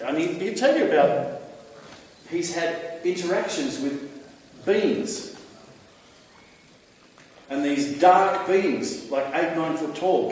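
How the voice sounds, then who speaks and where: A man's voice: on the high side, a little mellow, a little hiss or hum. A man with an Australian accent, talking emphatically and casually to a live audience as the speaker taking questions. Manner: emphatic, conspiratorial storyteller. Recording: echoey hall, voice from far off.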